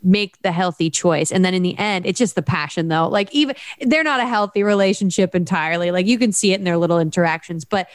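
A woman's voice: on the low side, quick pace, hardly any pauses, dry recording, clean studio sound. Chatty young woman podcast co-host. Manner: enthusiastic, gushing, frequent "like" fillers. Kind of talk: casual chat.

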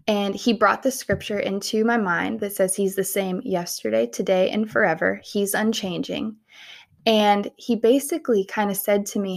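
A young woman talks straight to her listeners in a relaxed, faith-centered podcast. Her voice sits at an ordinary middle pitch. She sounds earnest and heartfelt, chatting as if to a friend. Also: normal speed, vocal fry. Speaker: podcast host. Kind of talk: casual faith-based podcast talk.

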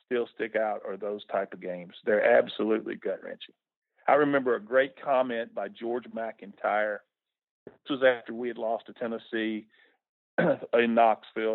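A man's voice: medium pitch, no room sound. A middle-aged man, a former coach talking casually in a radio interview, folksy and repeating words when moved. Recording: tinny phone line on radio.

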